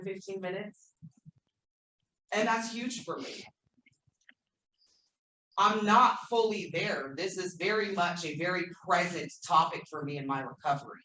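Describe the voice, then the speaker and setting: A woman shares her recovery story at a convention workshop, candid and self-deprecating with loose swearing. Her voice is bright and forward. The sound is echoey, with a faint hiss behind it. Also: medium pitch. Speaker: workshop speaker. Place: convention meeting room. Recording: echoey room, faint noise.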